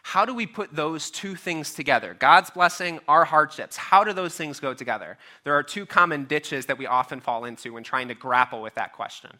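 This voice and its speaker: A man's voice: medium pitch, expressive, a little fast, hardly any pauses, bright, forceful tone. A man preaching a sermon as a pastor, casual and conversational with filler words and light humor.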